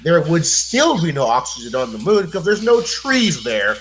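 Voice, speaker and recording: A man hosting a live stream discussion, blunt, excitable and swearing freely. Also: a little high, normal speed, slight background noise, poor audio.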